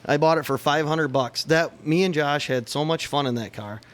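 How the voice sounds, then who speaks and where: A man's voice: fairly high pitch, normal speed. Laid-back Michigan man, dry humor. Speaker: podcast co-host. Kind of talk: casual chat.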